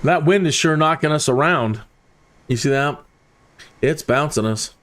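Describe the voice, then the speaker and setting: A man's voice: a little high, measured pace, a bit bright. A man giving casual, chatty commentary while flying a flight sim, talking directly to his viewers.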